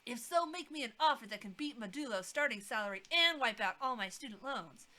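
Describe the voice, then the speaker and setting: A woman's voice: on the high side, animated, fairly quick, sharp tone. A woman reading the lines of a weary female ex-trombonist turned office worker in a video game. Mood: tired.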